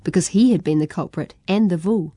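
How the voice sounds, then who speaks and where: A woman's voice: lowish voice, a little fast, mellow, slightly rough, no echo. A woman voicing a secretive middle brother who whispers gossip, reading a storybook aloud. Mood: whispered.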